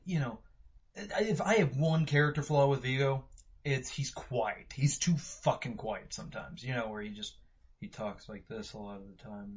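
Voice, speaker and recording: A man talks his way through a movie review, stopping and restarting with constant fillers. His voice is husky and mid-pitched. The recording sounds dull and lo-fi. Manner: rambling, many "you know" fillers and restarts. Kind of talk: casual spoken review.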